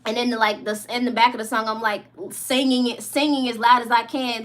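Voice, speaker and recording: High bright-voiced woman chatting emotionally. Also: little pitch movement, fairly quick, hardly any pauses. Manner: rambling, emotional, many restarts and likes. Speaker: vlogger and singer. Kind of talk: casual chat.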